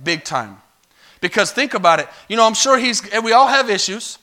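A man's voice: high voice, expressive, moderate pace, bright, forceful tone. A man preaching a sermon in a church, telling a story in a loose, conversational way and calling for amens. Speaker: pastor. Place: church sanctuary.

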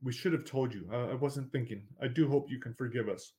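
A man voicing a kindly old grandmother who speaks gently and soothingly in a storybook. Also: mid-range voice, a little fast, lightly acted. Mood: apologetic.

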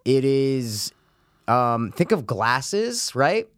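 A man's voice: mid-range voice, sing-song, very slow, no echo, clean studio sound. A man co-hosting a podcast, joking around in casual, profane banter with a friend. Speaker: podcast co-host. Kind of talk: casual chat.

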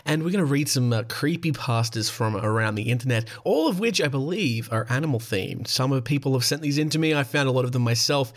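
A man in his thirties with an Australian accent, hosting a podcast in a profane, joking, rambling way and reading spooky stories aloud. His voice is hoarse and going. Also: mid-range voice, lively intonation, brisk, few pauses. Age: 30s. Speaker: podcast host. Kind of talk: casual comedic podcast monologue and story reading.

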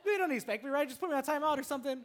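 A man's voice: very high-pitched, animated, very fast, fairly bright tone, pitched above the performer's own voice. A man putting on a wheedling little boy. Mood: pleading. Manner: wheedling, bargaining. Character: pleading little boy, his young son.

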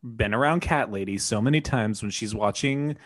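A man co-hosting a casual chat, easygoing and quick to laugh. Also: lowish voice. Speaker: podcast co-host.

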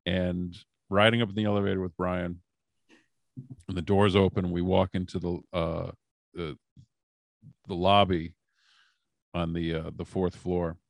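A man's voice: low-pitched, flat delivery, unhurried, creaky, pauses often, no room sound. A man guest on a podcast telling casual stories in a rambling way, with many fillers and restarts. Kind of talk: casual storytelling.

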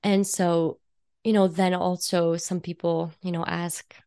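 A woman guesting on a podcast as an intuitive coach, talking in a chatty, warm way with frequent laughs, fillers and restarts. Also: lowish voice, level tone, a little slow, clean tone, no echo, studio quality. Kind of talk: casual podcast conversation.

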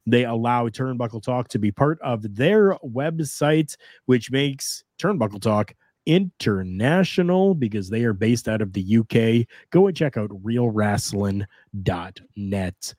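A man's voice: mid-range voice, unhurried, no echo, studio quality. Man hosting a wrestling podcast. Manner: friendly, plugs sponsors in a steady promo read. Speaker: podcast host. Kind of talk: casual chat.

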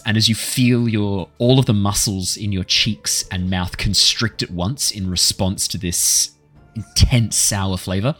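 A man's voice: fairly low pitch, a bit bright. A man, the dungeon master of a tabletop game, narrating vividly and laughing often.

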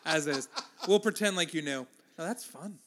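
A man's voice: on the high side, moderate pace, heavy background noise. A man co-hosting a podcast in casual chat who laughs often and swears casually. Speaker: podcast co-host, stage actor.

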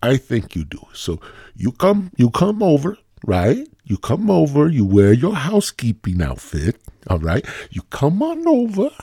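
A man's voice: mid-range voice, huge pitch swings, unhurried, dark tone, breathy edge, no room sound, studio quality, pitched above the performer's own voice, full character voice. A man putting on an exaggerated Mexican accent as a coaxing, insistent character.

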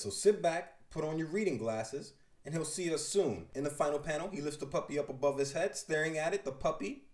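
A man's voice: mid-range voice, a little mellow. Man, comic reviewer, detailed panel narration, enthusiastic, roomy echo. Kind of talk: describing comic panels aloud.

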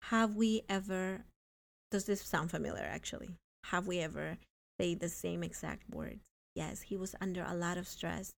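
A woman's voice: mid-range voice, gravelly, a little mellow. A woman hosting a faith-based podcast, speaking earnestly and reading scripture aloud. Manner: earnest, reads scripture slowly. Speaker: podcast host.

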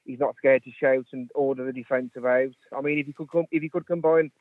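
A man from England's West Midlands rings in to a radio phone-in, speaking earnestly and filling his talk with "um"s and "I think"s. His medium-pitched voice is fairly even and fast, heard over a tinny phone line with no room sound.

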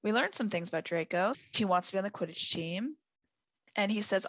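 A woman's voice: medium pitch, expressive, a little fast, fairly bright tone, no room sound. A woman co-hosting a casual book podcast, laughing often and playfully quoting characters. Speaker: podcast co-host. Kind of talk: casual book-discussion chat.

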